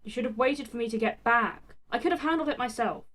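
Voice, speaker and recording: A man's voice: very high voice, fairly quick, sharp tone, pitched above the performer's own voice, exaggerated voice. A woman voicing a cocky, teasing young male hero with wings who talks in casual slang. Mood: exasperated.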